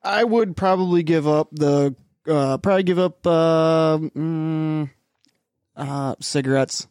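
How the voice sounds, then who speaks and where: A man's voice: on the high side, takes it slowly, a little mellow, clear, resonant tone, dry recording. Dry-witted male co-host. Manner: dry, teasing quips. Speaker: podcast co-host. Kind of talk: casual chat.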